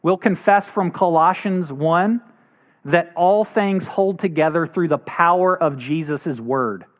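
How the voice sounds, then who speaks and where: A man preaching a sermon as pastor, earnest, acting out quoted voices now and then. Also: unhurried. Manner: earnest, acts out quoted voices with rising pitch.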